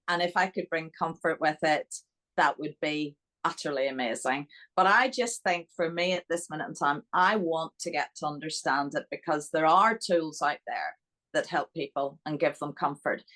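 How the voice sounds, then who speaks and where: A woman with a Northern Irish accent, a guest telling chatty, animated stories in a podcast interview. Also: deep voice, poor audio.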